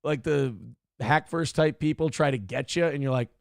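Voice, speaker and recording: A man hosting a casual morning talk show, with a gravelly, fry-heavy voice that sits a touch high for a man. He rambles and swears freely, sure of his own opinions. The sound is dry and close, with faint music underneath. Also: moderate pace, no echo.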